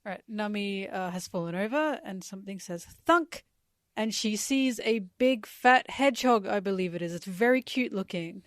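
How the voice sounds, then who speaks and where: A woman, a podcast guest, recapping a comic chapter in enthusiastic, animated chat. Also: medium pitch, normal speed, dry recording, studio quality. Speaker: podcast guest, video essayist.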